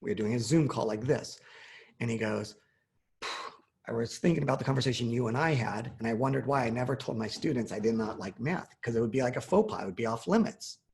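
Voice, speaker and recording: A man's voice: mid-range voice, fast, vocal fry, a little mellow. A man in his forties telling a personal story in casual conversation, acting out the quoted dialogue.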